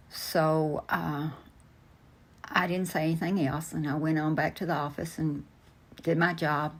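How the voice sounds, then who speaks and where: An older woman slowly telling a personal family story as an interview guest, with frequent pauses and fillers. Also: deep voice, level tone. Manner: slow, halting, many fillers and restarts. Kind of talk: personal storytelling, answering questions.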